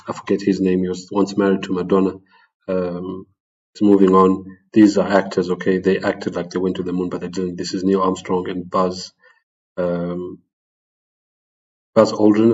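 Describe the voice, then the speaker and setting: A man with a deep, dark voice talks his way through a series of slides, pausing often on ums and restarting his sentences. His delivery stays flat and even. The recording sounds dull and lo-fi. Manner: halting, with many ums and restarts. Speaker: presenter of a religious channel. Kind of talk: unscripted talk over slides.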